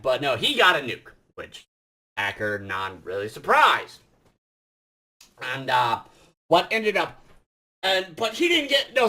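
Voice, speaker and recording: A young man telling gaming stories in a rambling way, swearing often, correcting himself, and getting loud and laughing as he gets excited. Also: a little high. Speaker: gaming vlogger. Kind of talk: casual storytelling.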